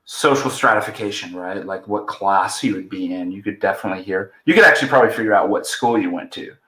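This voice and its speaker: A man's voice: fairly low pitch, fast, pushed and bright. Chatty man in an echoey room. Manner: chatty, trailing restarts and fillers. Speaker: podcast host. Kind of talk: casual chat.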